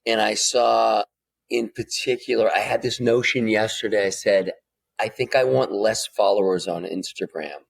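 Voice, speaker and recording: Gravelly-voiced man telling a candid story. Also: steady tone, moderate pace. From United States. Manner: candid, swears freely, grows emotional and high-pitched retelling moments. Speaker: podcast guest. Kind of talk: emotional personal storytelling.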